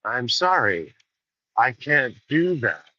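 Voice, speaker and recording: A man doing a male spaceship supercomputer that turns people down in a slow, even, coldly polite voice. The tone is bright and tense, and the sound is dry and dull, like a lo-fi recording. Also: medium pitch, no echo, full character voice. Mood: calm. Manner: slow, measured, cold politeness.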